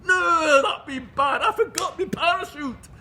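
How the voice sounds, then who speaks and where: A man putting on the voice of a boastful southern English farmer telling a pub story, shouting his lines with a southern English accent. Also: unhurried, slight background noise, exaggerated voice. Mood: excited, shouting. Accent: southern English, put on. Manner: high, loud, shouting punchlines.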